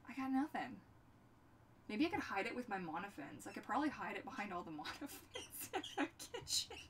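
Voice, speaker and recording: A woman's voice: mid-range voice, very animated, fairly quick, fairly bright tone, recorded from a distance, slight background noise. A young woman hosting a livestream, chatting in a bubbly, goofy way and talking to her pets. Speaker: livestream host. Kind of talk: casual chat while crafting on a livestream.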